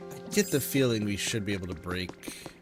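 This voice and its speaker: A man's voice: fairly low pitch, expressive, moderate pace. Casual man thinking aloud over game music. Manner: rambling, thinking aloud with many fillers. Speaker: streamer. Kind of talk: casual let's-play commentary.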